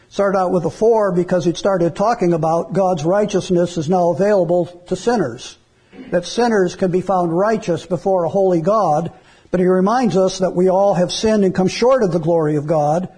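Guy preaching a sermon, reads verses and explains em, kinda husky voice. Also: high voice, steady tone, normal speed, warm tone. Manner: earnest preaching with scripture reading. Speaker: pastor.

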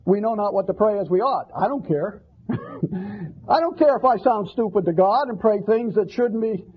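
A man's voice: high voice, expressive, normal speed, slightly rough. A man preaching a sermon, earnest and conversational, often repeating words and asking rhetorical questions. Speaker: pastor. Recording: dull lo-fi sermon recording.

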